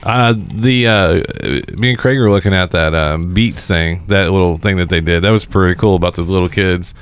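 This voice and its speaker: A man's voice: low voice, moderate pace, clear, resonant tone. A man co-hosting a podcast in casual chat, teasing the others and telling crude jokes. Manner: joking, teasing, crude humor. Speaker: podcast co-host.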